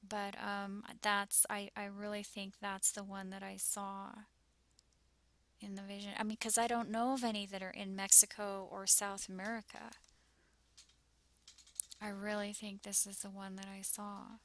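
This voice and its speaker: A woman's voice: mid-range voice, flat delivery, unhurried, a bit bright. A woman vlogging anxiously over a map, shaken and close to tears, often dropping into whispers. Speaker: YouTuber sharing visions.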